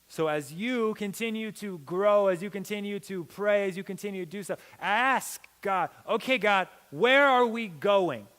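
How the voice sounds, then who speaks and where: A young man giving a youth sermon as a pastor, telling a story with lively acted-out dialogue. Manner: animated, acts out quoted dialogue with big pitch swings. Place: church hall. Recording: long hall reverb.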